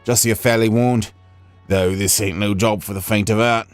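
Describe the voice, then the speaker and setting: A man voicing a brash, gruff middle-aged tavern keeper in a game, with a rough, slangy attempted Cockney accent. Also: fairly low pitch, steady tone, normal speed, faint music behind, natural voice. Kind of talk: reading game dialogue aloud on a stream.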